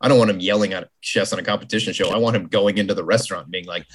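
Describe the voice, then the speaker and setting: A podcast host in casual, jokey chat, talking in quick bursts. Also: deep voice, steady tone, husky.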